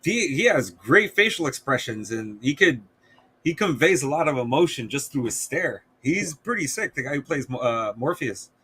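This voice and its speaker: A man co-hosting a casual podcast, laid-back and halting, swearing casually. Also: mid-range voice, very animated, bright, forceful tone, slightly rough. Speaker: podcast co-host. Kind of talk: casual chat.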